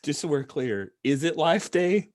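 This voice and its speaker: A man narrating a tabletop game as game master, relaxed, sometimes dropping to a soft near-whisper. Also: a little high, unhurried.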